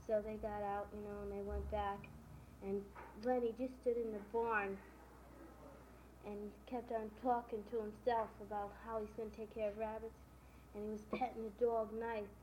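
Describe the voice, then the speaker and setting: A woman's voice: mid-range voice, level tone, normal speed, a little mellow. A woman casually retelling the plot of a novel, stringing events together with "and then" and "you know". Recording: dull lo-fi recording with faint hiss.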